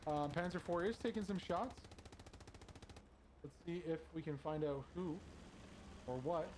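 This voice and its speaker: Man shoutcasting an esports match. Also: fairly high pitch, a little slow, a little hiss or hum. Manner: excited, rising sharply at big plays. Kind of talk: esports play-by-play commentary.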